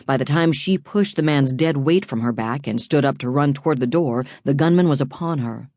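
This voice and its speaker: A woman narrating a crime thriller audiobook in a measured, suspenseful reading. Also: a bass voice, warm tone, dry recording, clean studio sound.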